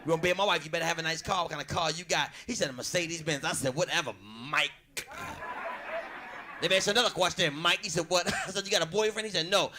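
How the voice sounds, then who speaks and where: A man hosts a comedy show and performs his own stand-up set, talking at a quick pace in a slightly high voice. He's boisterous and animated, swears a lot, and acts out every line he quotes, recorded in a club with audible audience noise.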